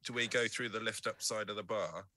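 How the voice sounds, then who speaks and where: A man playing a tabletop game as a guest, firing off jokey asides and quick questions. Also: on the low side, pushed and bright. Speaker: guest player.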